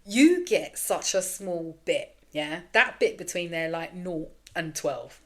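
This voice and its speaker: A woman's voice: fairly low pitch, animated, takes it slowly, a bit bright. A woman in her thirties hosting a candid solo podcast, rambling frankly and self-deprecatingly, swearing freely. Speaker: podcast host.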